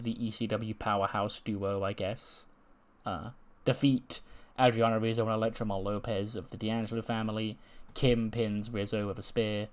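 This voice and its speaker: A man hosting a game channel, casually recounting the events of a wrestling management game in a chatty way. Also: lowish voice.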